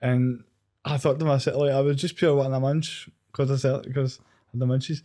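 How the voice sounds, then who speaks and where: A man's voice: mid-range voice, flat delivery, brisk, mellow. A man hosting a podcast, telling a story in easygoing casual chat. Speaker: podcast host.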